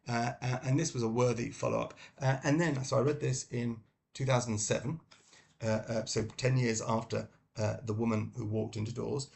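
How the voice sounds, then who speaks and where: A middle-aged British man from London chats casually about books. His voice is deeply gravelly, and he often stops on ums and restarts. A faint hiss sits behind him. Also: darkish tone. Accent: British English. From London, England. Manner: halting, many ums and uhs and restarts. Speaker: book vlogger. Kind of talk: casual book review talk.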